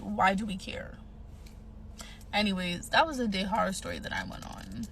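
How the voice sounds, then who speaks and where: A woman's voice: mid-range voice, lively intonation, moderate pace, a bit bright, a little hiss or hum. A woman telling a dating story in a casual, blunt and sassy way, swearing freely.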